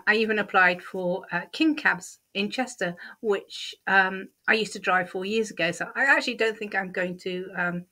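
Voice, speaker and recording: A woman's voice: lowish voice, sharp tone. A middle-aged woman vlogger chatting candidly about her week, with a lot of ums and repeated words. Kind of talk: casual diary-style vlog.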